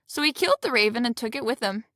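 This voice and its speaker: A woman reading a fairy tale aloud in a steady, plain storybook way. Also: fairly high pitch, quick pace, no room sound, clean studio sound.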